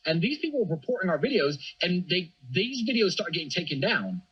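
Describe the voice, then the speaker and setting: Husky, animated man guesting on a podcast. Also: high voice, brisk, lo-fi sound. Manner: emphatic, animated storytelling with acted quotes. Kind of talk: casual chat.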